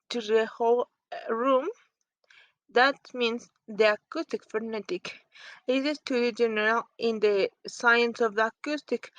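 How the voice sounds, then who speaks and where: Slow, halting woman explaining phonetics. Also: a little high, a bit bright, dry recording, muffled recording. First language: Spanish. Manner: halting, searching for words in a second language.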